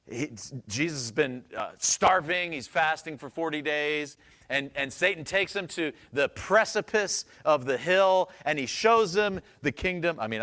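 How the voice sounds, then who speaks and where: A man's voice: medium pitch, a bit bright. A man pastor preaching a sermon in a church, conversational and joking, asking the congregation questions.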